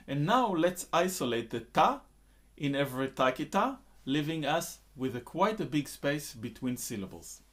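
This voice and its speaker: Male rhythm teacher with a slightly higher voice and lively pitch, reciting beat syllables over steady background noise. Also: normal speed. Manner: counts in and recites konnakol syllables loudly in time. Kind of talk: instructional lesson with spoken rhythm syllables.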